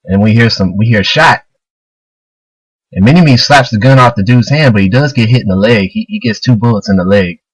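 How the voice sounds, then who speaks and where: A man's voice: on the low side, fairly quick, slightly rough, no echo, low-quality recording. A man casually retelling a manga chapter, loose and rambling, full of fillers. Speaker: manga reviewer.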